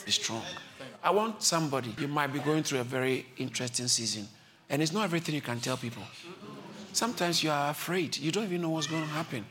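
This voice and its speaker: Man, preacher, lively swooping voice, congregation audible. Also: fast, crowd noise. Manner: impassioned, repeats phrases, builds to high shouts. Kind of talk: sermon. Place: church service.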